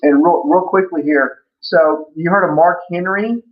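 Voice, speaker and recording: A man's voice: a little high, a little slow. A man guest telling stories in a casual interview, rambling with many restarts. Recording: muffled lo-fi audio.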